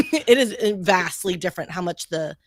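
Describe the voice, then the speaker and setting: A woman co-hosting a casual chat, telling animated anecdotes. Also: on the low side, normal speed, no echo.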